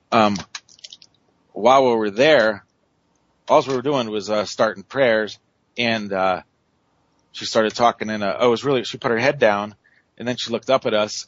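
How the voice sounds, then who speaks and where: A man's voice: lowish voice, dull audio. A man telling a story on a radio show, rambling with many fillers and restarts. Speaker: paranormal investigator guest.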